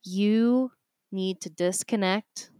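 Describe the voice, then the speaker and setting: A woman's voice: mid-range voice, slow, dark tone, clear, resonant tone, no room sound, clean studio sound. A woman with a Boston accent co-hosting a casual podcast chat, giving practical nutrition advice with frequent laughs. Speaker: podcast co-host, nutrition coach.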